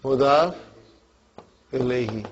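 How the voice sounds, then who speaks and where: Guy teaching arabic grammar, talks real slow, keeps asking students if they're with him, muffled lo-fi recording. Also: mid-range voice, slight background noise. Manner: checks understanding often, calls on students by name. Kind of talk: classroom grammar lesson.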